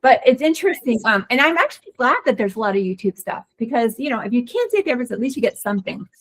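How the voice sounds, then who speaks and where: A woman who is a pelvic floor physical therapist, co-hosting a webinar and explaining recovery in a quick, excited, casual way with many restarts. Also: on the high side. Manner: fast, excited talker with frequent restarts.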